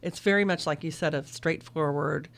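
A woman's voice: deep voice, moderate pace, vocal fry. A middle-aged woman who teaches film, talking it over casually and thoughtfully and laughing easily. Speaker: film instructor and guest.

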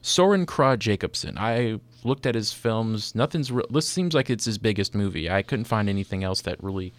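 A man hosting a relaxed film discussion, rambling with a lot of fillers. His voice is low and recorded dry and close, with no room sound. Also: moderate pace, no echo. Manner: chatty, full of "like" fillers. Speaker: podcast host.

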